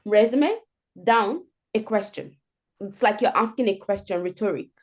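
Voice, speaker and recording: Playful, animated woman coaching on a call. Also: mid-range voice, normal speed. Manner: animated, playful, demonstrates answers aloud. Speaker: career coach. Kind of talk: live group coaching call.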